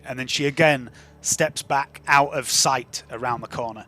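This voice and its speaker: A man narrating a tabletop game as game master over an online voice call, relaxed and descriptive. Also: medium pitch, moderate pace, few pauses, a little hiss or hum.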